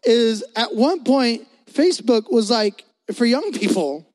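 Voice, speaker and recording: Man, young pastor, from Puerto Rico, high voice, loud, joking, energetic sermon. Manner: loud, joking, talks fast to the crowd.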